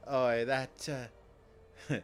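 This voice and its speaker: A man's voice: mid-range voice, level tone, drawn-out words, clean tone, faint music behind. A man streaming a game in casual commentary, rambling and joking with many restarts and repeated words.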